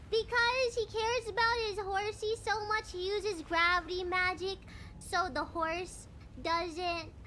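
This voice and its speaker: A woman from Thailand commentating a live game stream, playful and giggly with excitable outbursts. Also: very high-pitched, slight background noise.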